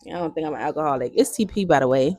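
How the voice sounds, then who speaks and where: A woman's voice: sits low, expressive, rapid-fire, dark tone. A woman in her twenties with a Jamaican accent, chatting playfully to her viewers and switching between languages. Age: 20s. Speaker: vlogger. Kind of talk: casual chat.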